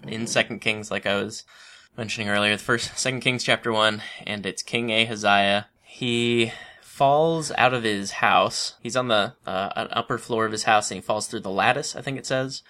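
A man with a low, bright, crisp voice retells stories in a loose, chatty way. He laughs easily and jumps into lively storytelling. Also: normal speed. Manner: animated, laughing storyteller who acts out quotes. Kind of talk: casual chat retelling stories.

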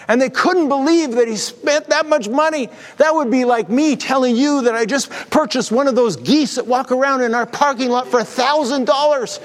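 A man preaching a sermon, telling stories with jokey asides and acting out the voices of the people in them. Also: very high-pitched. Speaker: pastor. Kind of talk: sermon with storytelling and jokes. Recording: long hall reverb.

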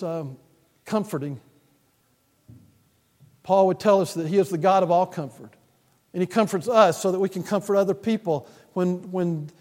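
A man delivers an earnest sermon, circling back on his points and adding light humor. His voice sits high for a man. It rings out with a long church-hall reverb. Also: darkish tone. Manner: earnest, repetitive emphasis, mild humor. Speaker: preacher.

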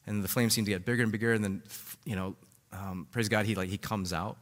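A man in his thirties preaching a sermon, telling a personal story in a casual, animated way with many fillers and tag questions. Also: fairly low pitch, fast talker. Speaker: pastor. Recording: reverberant hall.

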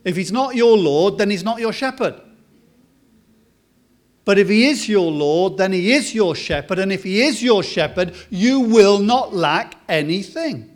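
A British man preaching a sermon, swinging from loud, emphatic lines to soft, slow, drawn-out words. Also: high voice, expressive. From Britain.

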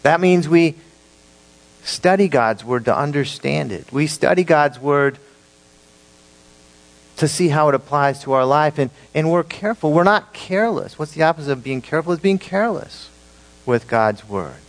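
A male pastor preaching an emphatic sermon to his congregation, swinging between loud declarations and hushed, slow emphasis. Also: on the high side, animated, rough recording.

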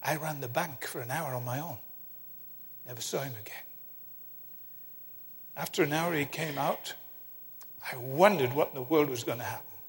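An older man preaching, telling a personal story in an earnest sermon style that sinks to a hushed tone at tense moments. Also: mid-range voice, moderate pace, pauses often, husky. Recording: long hall reverb.

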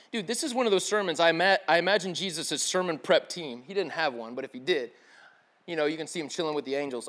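A man's voice: on the high side, fast talker, fairly bright tone. A man preaching a sermon in a casual, slangy way, acting out the people he quotes. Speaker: pastor.

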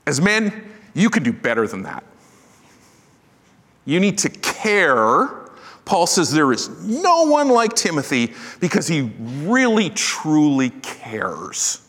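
Bright-voiced man preaching in a hall. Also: fairly high pitch. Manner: conversational and self-deprecating, joking asides. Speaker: pastor. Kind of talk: sermon. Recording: long reverb of a large hall.

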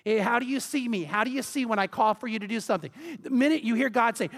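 A pastor preaching a sermon, animated and acting out the voices of the people he quotes. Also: extremely high pitch, fast talker. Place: church sanctuary. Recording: long hall reverb.

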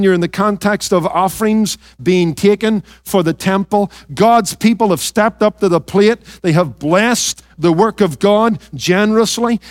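A male pastor preaching a sermon, emphatic, questioning his listeners and dropping into quiet, intense asides. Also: high-pitched, dry recording. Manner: addresses listeners directly with rhetorical questions.

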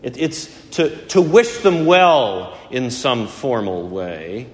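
A middle-aged man preaching a sermon in a church, conversational and gently humorous. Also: medium pitch, lively intonation, takes it slowly. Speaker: pastor. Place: church sanctuary. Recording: echoey church hall.

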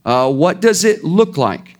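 Higher-voiced man preaching casually. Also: very animated, measured pace. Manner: informal, sarcastic asides, frequent restarts. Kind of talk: conversational sermon. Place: church.

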